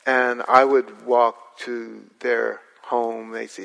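Slow halting male storyteller. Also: medium pitch, little pitch movement, gravelly, fairly bright tone. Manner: halting, rambling, with restarts and fillers. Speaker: guest speaker. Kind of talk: storytelling talk to an audience. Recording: long hall reverb.

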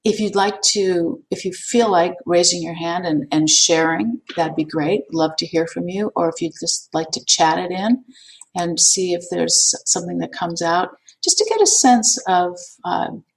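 A woman meditation teacher giving a gentle, unhurried talk to an online class, with frequent fillers and repeats. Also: on the low side. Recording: voice distant from the mic.

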